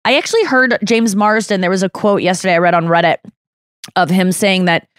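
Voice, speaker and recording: A woman's voice: mid-range voice, brisk, clear, resonant tone, no room sound, clean studio sound. A woman hosting a podcast, telling a story in casual chat, swearing freely and acting out what people said. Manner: animated storyteller, swears freely, acts out quotes. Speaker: podcast host.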